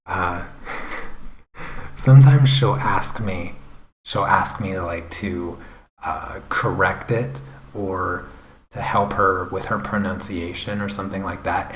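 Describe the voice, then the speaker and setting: Guy in his twenties, low-voiced, slow and rambling live-stream host, echoey room. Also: fairly bright tone, slight background noise. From United States. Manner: rambling, halting, with many fillers and restarts. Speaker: art channel host. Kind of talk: casual live-stream chat.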